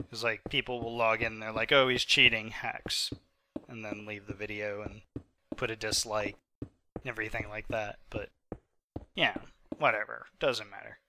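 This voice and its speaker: A man's voice: fairly low pitch, fairly even intonation, moderate pace, pauses often, sharp tone, a little hiss or hum. A man of twenty-five, sick and hiccuping, giving rambling, chatty commentary over his own gameplay footage with many fillers. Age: 20s. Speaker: gaming channel host. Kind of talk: casual post-recorded gameplay commentary.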